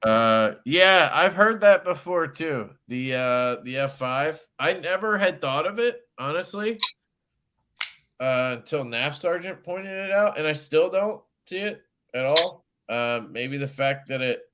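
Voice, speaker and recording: A man's voice: a little high, lively intonation, a little slow, bright, forceful tone. A man hosting a casual livestream chat, talking in a laid-back way with frequent fillers and casual swearing. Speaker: host of a knife livestream.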